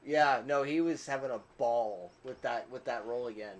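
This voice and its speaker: A man's voice: medium pitch, moderate pace, slight background noise. A man hosting a casual podcast, chatty, telling stories and laughing often. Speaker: podcast host. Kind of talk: casual chat.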